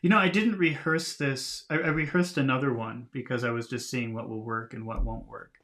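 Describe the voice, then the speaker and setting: Guy teaching english live from home, patient, explains slow, little laughs here and there. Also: mid-range voice, fairly even intonation, fairly bright tone. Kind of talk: reading a storybook aloud and explaining vocabulary.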